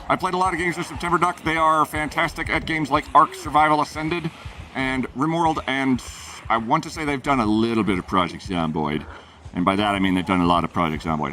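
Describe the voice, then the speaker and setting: A man's voice: medium pitch, brisk, pushed and bright, recorded from a distance, a little hiss or hum. A man streaming a game, joking playfully with his viewers in casual chat.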